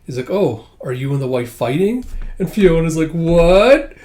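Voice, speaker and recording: A man casually reading through a manga chapter, narrating and acting out lines, laughing often and breaking into high squealing voices for characters. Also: lively intonation, moderate pace, warm tone. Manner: reads dialogue aloud, jumps into high squealing voices for characters; chatty, laughs often, fills with "it's like". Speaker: manga reader and commentator.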